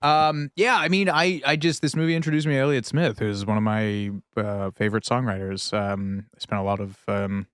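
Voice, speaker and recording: A man co-hosting a podcast in casual chat, jokey and quick to laugh, fond of silly voices. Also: on the low side, fairly bright tone, clean tone, dry recording, studio quality. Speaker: podcast co-host.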